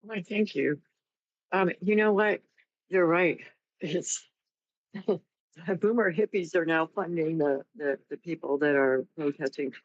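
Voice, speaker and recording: A woman's voice: fairly low pitch, a little slow, long pauses, dry recording. A woman in a casual political chat, talking in an upbeat, sarcastic way. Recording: dull dry lo-fi line.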